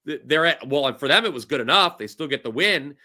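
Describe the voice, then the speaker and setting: Bright-voiced, upbeat sports betting host. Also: male voice, fairly high pitch, lively intonation, fast talker. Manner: upbeat, jokey, laughs easily. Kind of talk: casual sports betting talk.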